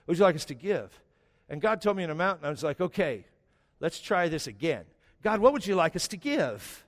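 Middle-aged man, pastor, lively preaching, fairly high voice, long church reverb. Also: a little fast. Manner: animated storytelling with rising emphasis. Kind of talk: sermon. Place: church sanctuary.

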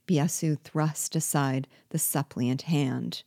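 Low-voiced woman reading a novel aloud. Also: steady tone, slow pace, gravelly, few pauses, darkish tone, no echo, clean studio sound. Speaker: reader and teacher.

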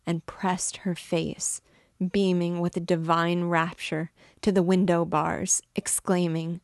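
A woman reads a classic novel aloud in a low, unhurried voice. Her storytelling is measured and expressive, with a dry, close sound and no room echo. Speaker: book reader and guide. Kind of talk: literary read-aloud narration.

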